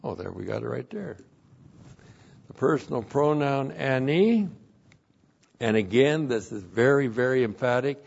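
A man works through a Bible passage verse by verse, stressing each point and repeating key phrases. He speaks at a slow, deliberate pace. The recording is dull and lo-fi. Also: mid-range voice, animated, gravelly, a little mellow, husky. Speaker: Bible teacher.

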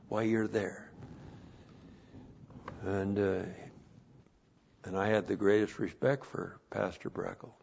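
A man preaching a sermon and teaching the Bible as a pastor, repeating phrases and rising loud to stress a point. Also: on the low side, flat delivery, slow pace, gravelly, pauses often, husky. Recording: dull lo-fi recording.

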